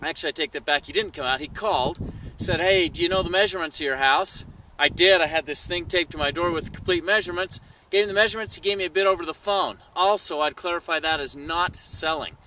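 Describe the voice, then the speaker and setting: A man telling a sales story to camera in a vlog, animated and acting out the people he quotes. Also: fairly high pitch, fast talker, recorded from a distance, a little hiss or hum, rough recording. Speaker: sales trainer. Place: outdoors.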